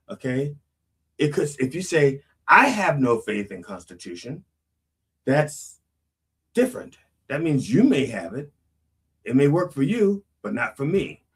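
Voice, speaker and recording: Male host, husky, animated delivery; lectures through lyrics like a sermon. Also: fairly high pitch. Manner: lively, preachy, peppered with "okay?". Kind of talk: song lyric commentary.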